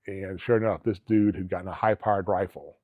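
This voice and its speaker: A man's voice: deep voice, steady tone, a little fast, no echo. A middle-aged man from Alabama, a former police officer, telling stories in a casual interview, earnest and rambling with frequent restarts. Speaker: guest, former police officer and travel agency owner. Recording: dry, tinny phone-like sound.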